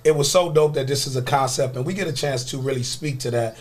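A man's voice: medium pitch, quick pace. A man hosting a morning show in a studio, upbeat and teasing his co-host while plugging the show. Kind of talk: casual chat.

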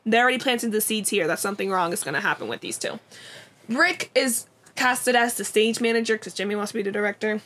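A woman's voice: mid-range voice, quick pace, fairly bright tone. A young woman co-hosting a podcast, casually recapping a TV episode in a chatty way, full of "like" and acted-out quotes. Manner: chatty, lots of "like" and quoted dialogue. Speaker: podcast co-host.

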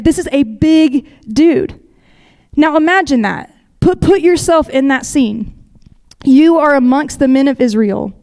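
A woman's voice: high voice, darkish tone. A woman giving a sermon, reading scripture aloud and explaining it conversationally, inviting listeners to picture the scene. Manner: reads scripture aloud steadily. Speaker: preacher.

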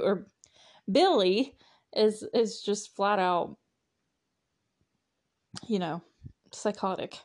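A woman's voice: mid-range voice, darkish tone. A woman hosting a casual movie recap podcast, chatty and laughing, with lots of fillers. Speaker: podcast host.

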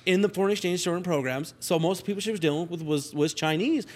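A man's voice: high voice, fast talker. A man who runs a collectibles shop, telling profane, joking stories as a podcast guest and laughing often. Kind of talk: casual podcast chat.

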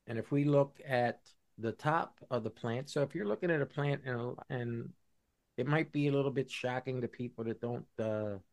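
Male podcast co-host, casual explainer, halting with fillers. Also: mid-range voice, a little mellow. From Buffalo, New York. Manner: explanatory, many fillers and restarts. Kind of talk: casual chat.

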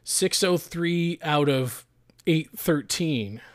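A man's voice: on the high side, expressive, slow pace, no room sound, studio quality. A young man hosting a podcast, chatting casually and crudely joking as he reads out listener messages, often laughing. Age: young adult. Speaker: podcast host. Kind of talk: casual chat.

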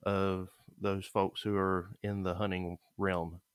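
A laid-back man hosting a podcast in easy conversation, with a very low voice. The sound is dry and close, with no room echo. He talks calmly, without any push. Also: slow pace. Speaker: podcast host. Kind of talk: casual conversation.

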